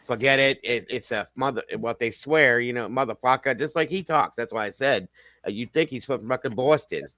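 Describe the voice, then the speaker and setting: A middle-aged man hosting a casual group chat, talking in a lively way, swearing a lot and laughing often. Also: medium pitch, a little fast, no room sound. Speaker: podcast host.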